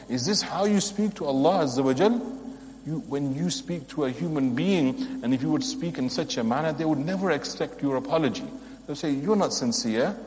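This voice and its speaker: Male teacher at mid pitch, earnest lesson with emphatic questions, long hall reverb behind him. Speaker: religious teacher. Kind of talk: religious lesson.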